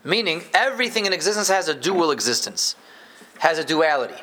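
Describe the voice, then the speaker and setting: Teaching Torah live, he swings between loud, emphatic stresses and quiet asides, his pitch sitting slightly above the usual male range. He speaks a little quickly, with lots of animation, and banters comfortably with the class.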